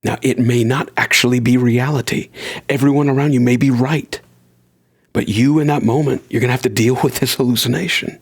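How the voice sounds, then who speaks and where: A man's voice: medium pitch, fairly even intonation, brisk, husky. A man hosting a solo podcast, talking in an earnest, conversational way and shifting his pace for emphasis. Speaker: podcast host.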